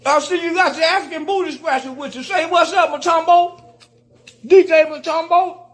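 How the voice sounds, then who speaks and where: A man delivering a loud, profane rant in a video clip, repeating his insults over and over. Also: very high voice, brisk. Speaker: guest commentator in a played clip.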